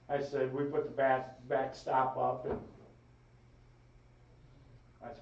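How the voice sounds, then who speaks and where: A man gives a eulogy in a folksy, rambling storytelling manner, his pitch mid-range. He is heard from a distance in a reverberant funeral home chapel. The sound is dull, with faint noise behind it. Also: steady tone, unhurried, pauses often, a little mellow. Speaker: eulogist, brother of the deceased. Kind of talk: funeral eulogy with family stories. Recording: echoey room, distant mic, dull sound.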